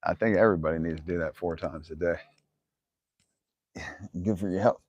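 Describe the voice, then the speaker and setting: A man's voice: low voice, normal speed, a little mellow, dry recording, dull audio. A man hosting a casual livestream from his yard, rambling and swearing, laughing often. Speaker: livestream host. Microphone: phone camera.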